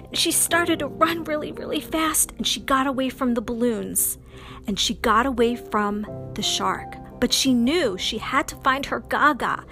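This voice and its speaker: High-voiced woman telling a kids' bedtime story, slow and lilting, soft music behind. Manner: slow, sing-song, dramatic ups and downs. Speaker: children's storyteller. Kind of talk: bedtime story narration for children.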